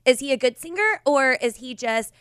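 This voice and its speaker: A young woman co-hosting a podcast, chatting and musing aloud in a relaxed way. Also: high-pitched, normal speed, smooth, no room sound, clean studio sound. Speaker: podcast co-host. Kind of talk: casual chat.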